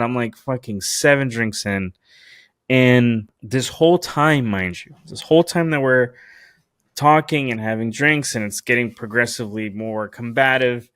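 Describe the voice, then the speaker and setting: A man's voice: mid-range voice, a bit bright, no echo, studio quality. Profane man rambling through a story. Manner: profane, rambling, with frequent restarts. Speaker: podcast host. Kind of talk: casual comedic storytelling.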